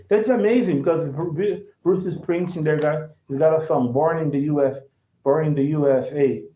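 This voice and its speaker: A male language teacher with a Brazilian Portuguese accent explains English casually, halting and repeating words. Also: a little high. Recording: echoey, tinny phone-like sound.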